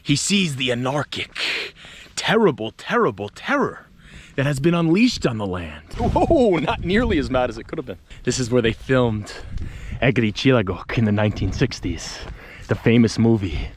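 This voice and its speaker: Excitable man telling history on a hike. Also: mid-range voice, moderate pace, a little hiss or hum. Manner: animated, excitable, swears casually, hams up the story. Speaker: travel vlogger and history storyteller. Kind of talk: casual storytelling vlog while hiking. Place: outdoors on a hike.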